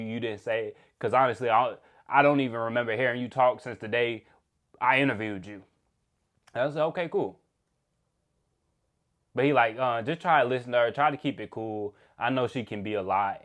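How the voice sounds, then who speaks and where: A young man, casually telling a work story in an animated, slangy way, often laughing. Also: mid-range voice.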